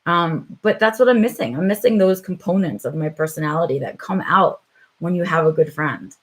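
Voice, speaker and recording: A woman's voice: on the low side, lively intonation, a little fast. Woman, middle-aged, live stream host, reflective, hesitant, chatty with viewers. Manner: reflective, hesitant, many "um"s and "right?"s.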